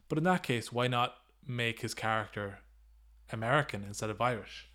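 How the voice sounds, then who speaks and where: A man's voice: mid-range voice, normal speed, bright, forceful tone. A man hosting a solo podcast, giving his opinions in an easygoing, conversational way. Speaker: podcast host.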